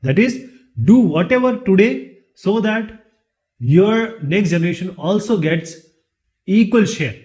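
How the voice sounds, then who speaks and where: A man with an Indian English accent delivers a classroom lecture in a fairly high voice. He keeps asking the class rhetorical questions and answers each one himself. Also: lively intonation, unhurried, a little mellow. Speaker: teacher.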